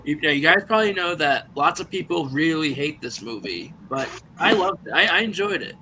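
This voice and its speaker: A man's voice: fairly high pitch, animated, moderate pace, pushed and bright, a little hiss or hum, low-quality recording. A man in a casual online group chat, eagerly rattling off movie trivia over a voice call. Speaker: guest on a birthday stream.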